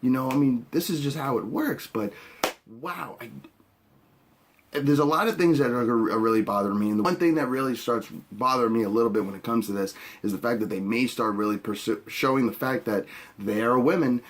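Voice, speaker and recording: A man's voice: medium pitch, brisk. A man hosting a podcast, giving a blunt, opinionated reaction with casual swearing. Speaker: podcast host.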